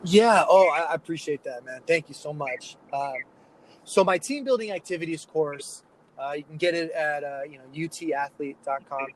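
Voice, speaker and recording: Animated storytelling coach, higher voice. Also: male voice, moderate pace, slight background noise, low-quality recording. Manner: animated anecdotes, acts out quoted kids. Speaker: youth sports coach, podcast guest. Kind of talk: storytelling in a casual interview.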